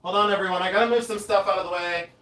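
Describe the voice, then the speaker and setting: Guy on a home livestream, a little high-pitched, rambly and chatty. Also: steady tone, very fast, fairly bright tone. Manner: chatty, scattered, talks to chat while rummaging around. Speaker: livestream host, silversmith. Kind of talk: casual live-stream chat. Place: home studio.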